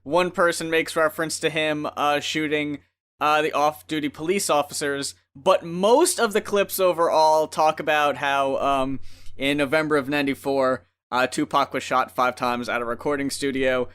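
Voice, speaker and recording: A man's voice: on the high side, normal speed, fairly bright tone, clear, resonant tone. A man co-hosting an album review show in casual chat, laid-back, swearing freely and laughing often.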